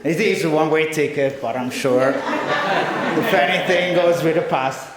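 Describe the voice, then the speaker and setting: A man's voice: fairly high pitch, unhurried. A man in his forties with an Italian accent, Italian by first language, giving a teasing, hesitant wedding speech as best man. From Italy. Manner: joking, teasing, hesitant with many fillers. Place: large wedding reception room. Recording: very echoey hall with crowd. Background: guests laughing and murmuring.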